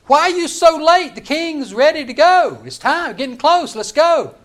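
A man voicing a hurried male royal servant who calls out loudly and urgently. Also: extremely high pitch, sing-song, voice pushed up, full character voice. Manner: loud, urgent and hurrying.

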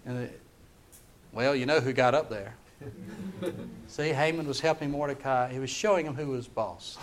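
A man preaching a sermon, retelling a story in an animated, dramatic way. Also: mid-range voice, unhurried, a little hiss or hum.

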